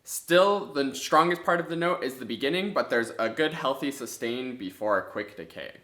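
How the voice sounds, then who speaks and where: A man teaching music in an instructional video, explaining step by step in a clear, methodical way. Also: medium pitch, expressive, moderate pace, a bit bright. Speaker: clarinet teacher. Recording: echoey room.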